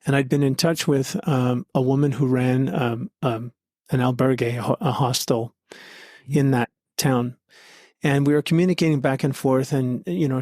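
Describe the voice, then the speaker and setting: A man's voice: mid-range voice, darkish tone, no room sound, studio quality. Earnest man telling a heartfelt story. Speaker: podcast guest. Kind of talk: conversational storytelling.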